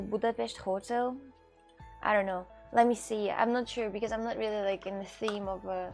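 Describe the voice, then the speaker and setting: Chatty woman with a gravelly voice. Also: medium pitch, a little mellow. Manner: chatty, halting, many fillers and restarts. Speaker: live streamer reading chat. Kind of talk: casual chat.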